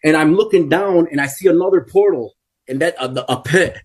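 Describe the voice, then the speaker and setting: A man's voice: on the high side, a little fast, slightly rough. A man in his forties giving an earnest, emphatic first-person testimony and repeating key phrases for weight. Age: 40s. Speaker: guest telling a personal testimony.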